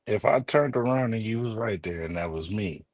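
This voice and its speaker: A man co-hosting a sports podcast, talking in a loose, slangy, excitable way and laughing often. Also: lowish voice, fairly quick, dry recording. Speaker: podcast co-host. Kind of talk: casual sports chat.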